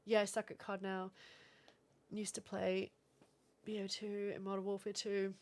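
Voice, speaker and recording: A young woman from Florida, streaming and chatting casually with viewers, animated and swearing now and then. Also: medium pitch, measured pace. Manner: animated, swearing, reads out chat. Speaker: livestreamer.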